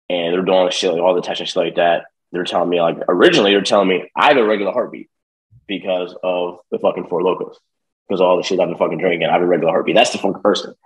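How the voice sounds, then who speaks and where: Through a low-quality recording, a young man with a low-pitched voice shares a long personal story as a podcast guest. It's a casual, profane, animated retelling in which he impersonates the people involved.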